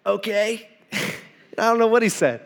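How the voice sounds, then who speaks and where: High-voiced man preaching casually. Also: normal speed, fairly bright tone. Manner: conversational, acts out dialogue, many restarts. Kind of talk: casual sermon storytelling.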